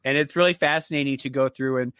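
Man, monotone delivery, dry close sound, unhurried casual chat. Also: mid-range voice, smooth, no echo.

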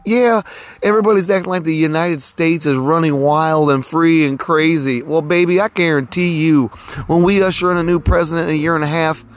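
A man in his forties hosting a podcast outdoors, talking in a rambling, folksy way full of "you know" fillers. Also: a little high. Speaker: podcast host. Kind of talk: casual podcast monologue. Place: outdoors near a road.

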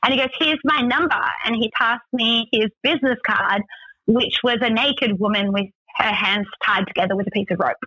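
An Australian woman tells a story in a loose, chatty way, dropping "like" into most sentences. Her voice is bright and sits a little high. The sound is dull and dry, with no room echo. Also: fairly even intonation, fairly quick. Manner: chatty, many "like" fillers. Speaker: guest. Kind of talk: casual storytelling.

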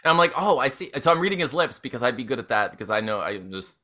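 A man's voice: mid-range voice, lively intonation, rapid-fire, background noise. A man chatting as a player in a tabletop game, laughing often. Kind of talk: casual tabletop game play.

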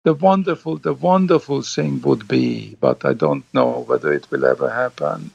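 An older man, a film director, reminiscing as an interview guest, halting, with many restarts. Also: medium pitch, lively intonation, gravelly, a little mellow, slightly rough, dry recording. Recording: dull lo-fi sound.

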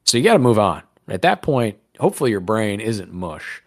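A man's voice: fairly low pitch, big pitch swings, moderate pace, no room sound, clean studio sound. A man hosting a podcast in casual chat, crude, rambling and joking. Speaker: podcast host.

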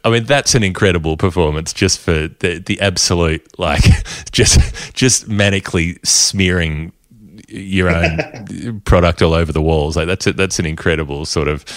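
A man hosting a podcast, telling a story in a casual, animated way and often laughing through it. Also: rumbling low, dry recording, studio quality. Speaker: podcast host.

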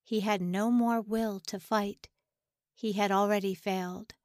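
A woman reading a story aloud as narrator, in a measured, unhurried way. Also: mid-range voice, fairly even intonation, a little mellow, dry recording, clean studio sound. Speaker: audiobook narrator. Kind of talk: scripted narration.

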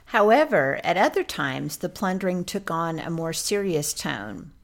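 A woman's voice: on the low side, very animated, unhurried. A woman co-hosting a history podcast, telling the story in a scripted narration. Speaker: podcast co-host.

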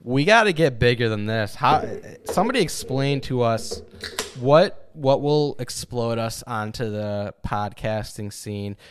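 A man's voice: mid-range voice, lively intonation, unhurried, clear, resonant tone. A young man co-hosting a podcast, telling stories in a laid-back, rambling way. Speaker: podcast co-host. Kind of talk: casual podcast banter.

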